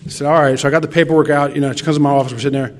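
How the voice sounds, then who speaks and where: A man's voice: on the high side, fairly even intonation, very fast. A middle-aged man from Tennessee giving an earnest, rambling personal testimony at a recovery meeting, acting out quoted dialogue as he goes.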